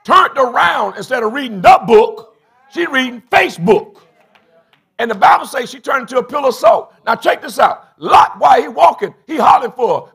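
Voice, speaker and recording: A middle-aged man, preaching a sermon as bishop in a church, swinging from low confiding talk to shouted bursts. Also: big pitch swings, normal speed, vocal fry, husky. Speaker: bishop and pastor. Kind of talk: call-and-response sermon. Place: church sanctuary.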